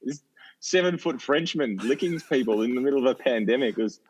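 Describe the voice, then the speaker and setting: An Australian man, a politician guest on a casual podcast, speaking in a measured way with frequent restarts and fillers. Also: mid-range voice, lively intonation, a little hiss or hum. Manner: measured, hesitant with many restarts. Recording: dull lo-fi phone line.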